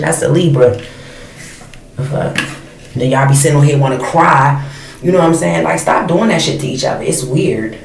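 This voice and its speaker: A woman's voice: rumbling low, expressive, moderate pace, gravelly. A woman in her thirties telling a personal story as a blunt, profane, fired-up rant in casual talk to camera. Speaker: storyteller vlogger. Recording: echoey room, mic at a distance, faint noise.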